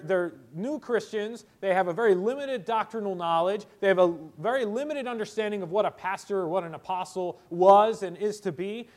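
Man, pastor, sermon, high voice, emphatic, rises and drops in volume. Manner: emphatic preaching, voice rising and falling, repeats words for stress.

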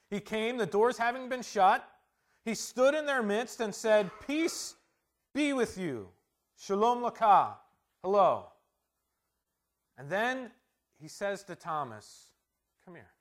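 A man preaching a sermon as pastor, emphatic and swinging from hushed words to loud ones. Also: high-pitched.

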